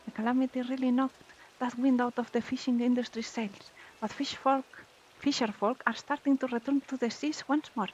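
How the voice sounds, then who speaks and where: A woman's voice: on the high side, steady tone, moderate pace, darkish tone, dull audio, slight background noise, voice pushed up, natural voice. Woman reading a small cheerful fisher. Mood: earnest.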